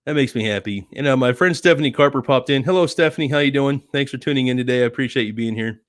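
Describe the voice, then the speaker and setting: A man chats loosely through a live stream, reading viewer comments and wandering from story to story with plenty of "uh" and "you know." His voice sits at an ordinary pitch and sounds close and dry, with no room echo. He teases in a playful way. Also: quick pace. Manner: rambling, playful teasing, frequent fillers.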